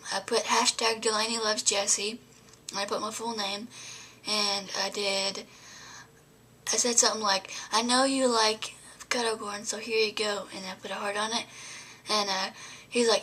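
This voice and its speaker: A woman's voice: medium pitch, bright, forceful tone, slightly rough. A young adult woman vlogging, telling a story to camera in a rambling way, full of fillers and often dropping to a whisper.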